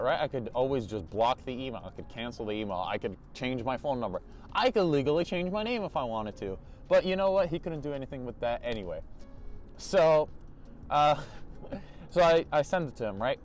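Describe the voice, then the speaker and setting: A young man telling a storytime vlog, animated, restarting and repeating himself, laughing often. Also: medium pitch. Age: young adult. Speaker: vlogger.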